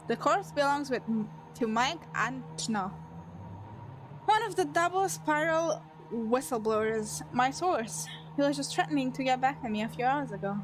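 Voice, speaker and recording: A woman streamer reading a story game aloud, breaking off into playful, profane asides. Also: fairly high pitch. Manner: playful, swears a lot, quick asides.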